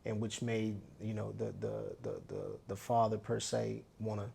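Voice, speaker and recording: A man's voice: fairly low pitch, flat delivery, moderate pace, creaky, mellow, husky. A man hosting a podcast interview, asking long, rambling questions and offering frequent short affirmations. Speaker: podcast host. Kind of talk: casual interview.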